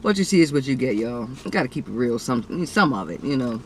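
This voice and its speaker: A woman's voice: extremely low pitch, sing-song, a little fast, a little hiss or hum. A woman, chatting playfully with viewers about her meal on her eating show. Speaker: mukbang vlogger. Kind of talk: casual eating show chat.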